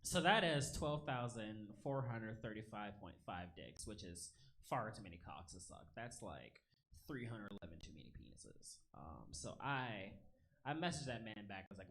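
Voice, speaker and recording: Stand-up comedian, man in his thirties, low voice but very lively, bright and forceful on stage mic, faint hiss behind. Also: normal speed. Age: 30s. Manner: animated, punchy delivery with shouted punchlines and self-amused laughs. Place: comedy club stage with live audience laughter.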